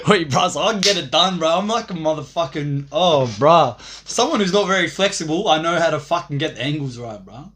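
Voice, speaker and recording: A man's voice: a little high, normal speed, fairly bright tone. A young man rambling profanely on a livestream, swaggering and laughing at his own jokes.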